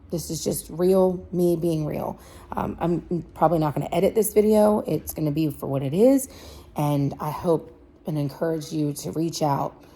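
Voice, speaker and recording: Young mom vlogger, woman, dark husky voice, emotional and pleading, repeats for emphasis. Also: sits low. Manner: earnest, pleading, repeats herself. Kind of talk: heartfelt direct-to-camera vlog.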